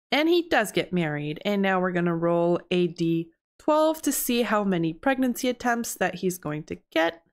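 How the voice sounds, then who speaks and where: A young woman giving casual, chatty commentary over gameplay and reacting loudly in disbelief at surprises. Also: medium pitch. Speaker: gameplay video host.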